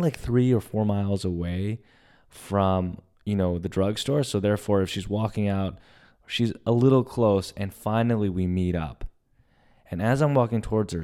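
A young man hosting a podcast, telling a personal story in a casual, animated way and acting out the quoted lines. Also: sits low. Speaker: podcast host.

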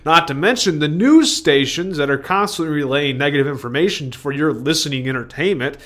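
Solo podcast host, male, higher-pitched voice, rambling and digressive monologue. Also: brisk, fairly bright tone. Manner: digressive, stream-of-consciousness, self-interrupting.

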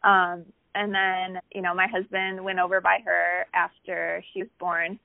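A woman's voice: fairly low pitch, a little slow, vocal fry, no echo. Woman telling a story over a tinny line. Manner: animated, acts out quoted voices, many "like" fillers. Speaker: podcast guest. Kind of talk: casual storytelling chat. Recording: tinny phone-like line, dry.

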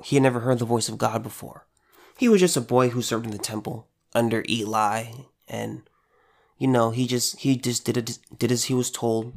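This is a man's mid-range, slightly mellow voice, a preacher delivering a casual devotional message. His manner is earnest and conversational, with repeated phrases for emphasis along with repetitions and restarts.

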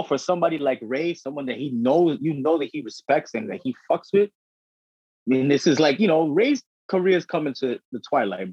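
Husky young man in slangy wrestling talk. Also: medium pitch, no echo. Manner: profane, slangy, excitable. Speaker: podcast co-host. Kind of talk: casual wrestling chat. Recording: dry dull lo-fi audio.

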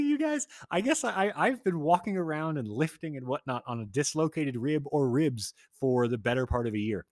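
Casual male storyteller, profane and excitable, quick delivery, dry close sound. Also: mid-range voice, no echo. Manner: profane, excitable, self-interrupting rambling.

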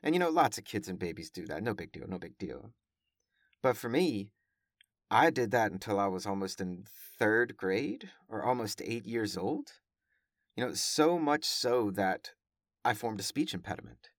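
A man's voice: lowish voice, animated, moderate pace, no room sound, clean studio sound. A man who is a professor and podcaster talks casually to listeners, carefully over-enunciating his words and often correcting himself. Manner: chatty, self-correcting, with frequent fillers. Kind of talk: casual monologue.

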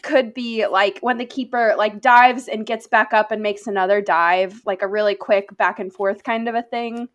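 A woman's voice: medium pitch, fairly even intonation, moderate pace, hardly any pauses. A woman co-hosting a casual soccer podcast, playful and chatty, laughing a lot. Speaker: podcast co-host.

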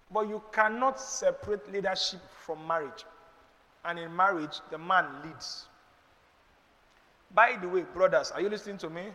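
In a large hall, a high-pitched, middle-aged man with a Nigerian accent preaches as a pastor answering questions in church. He is emphatic, rhetorical, and preacherly, with sudden loud bursts.

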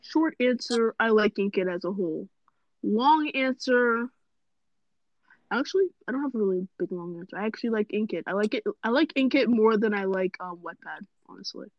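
A woman's voice: mid-range voice, expressive, moderate pace, no echo, muffled recording. A young woman co-hosting a casual chat podcast, making jokey, dramatic quips. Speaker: co-host.

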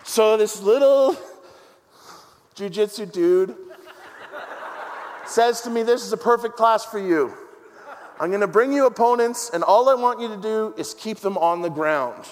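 A middle-aged man preaching a sermon, an animated storyteller with a self-deprecating, joking manner. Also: high-pitched, a little slow, pauses often, some chatter behind, a little hiss or hum. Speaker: pastor. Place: church hall with congregation. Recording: long hall reverb.

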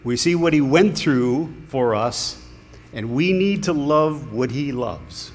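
A man's voice: mid-range voice, big pitch swings, slow pace. A man preaching a sermon in a conversational, earnest way, with small restarts. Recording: long hall reverb, faint room noise.

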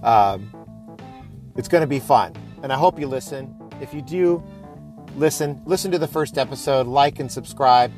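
A man's voice: mid-range voice, normal speed, a little mellow, faint music behind. A man in his thirties hosting his own podcast, chatting casually and rambling with lots of fillers. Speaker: podcast host. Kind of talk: casual solo podcast talk.

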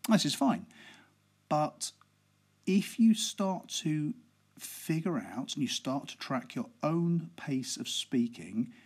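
With a fairly high, husky voice edged with breath, a man hosts a podcast on public speaking. He's laid-back and conversational, deliberately slow, and leans on fillers as he talks.

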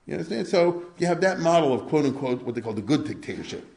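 A man's voice: a little high, animated, fast talker, vocal fry, darkish tone. Older man lecturing in an echoey room. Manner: conversational, with rhetorical questions. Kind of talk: informal history lecture.

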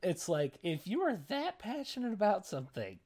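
A man's voice: sits high, wildly swooping pitch, normal speed, darkish tone. A young man co-hosting a casual podcast chat, rambling with lots of fillers and tangents, sounding tired. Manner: rambling, filler-heavy, self-deprecating. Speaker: podcast co-host.

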